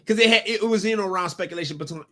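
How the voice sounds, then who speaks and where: A man's voice: high voice, sharp tone. A man co-hosting a casual sports talk show, often stopping and restarting his sentences as he makes a point. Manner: halting, frequent restarts. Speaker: podcast co-host.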